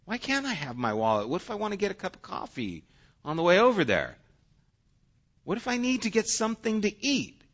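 A middle-aged man preaching a conversational sermon as a pastor, swinging from loud emphasis to hushed asides. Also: on the high side, lo-fi sound.

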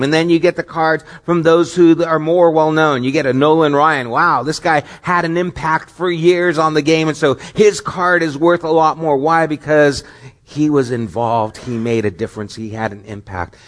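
A middle-aged man preaching a sermon as pastor, earnest and questioning, with rising emphatic stretches. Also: on the high side.

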